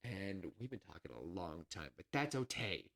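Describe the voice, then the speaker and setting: A man co-hosting a podcast, chatting casually and pitching a film idea, rambling with lots of fillers and self-corrections, a little nervous. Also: big pitch swings, normal speed, creaky, fairly bright tone. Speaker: podcast co-host.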